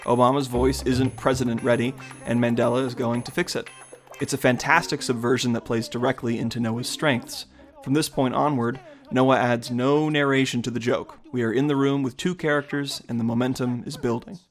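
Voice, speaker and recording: A man reads a scripted essay in a measured, analytical way. His voice sits at a middle pitch, and soft music plays beneath it. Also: fairly even intonation. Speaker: video essay narrator. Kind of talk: scripted narration.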